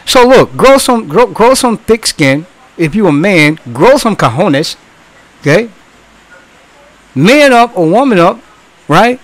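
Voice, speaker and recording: A man's voice: high voice, sing-song, slow pace, pauses often, dry recording, poor audio. A man in his sixties who once worked in customer service, bluntly lecturing in a casual monologue, swearing and repeating himself. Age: 60s.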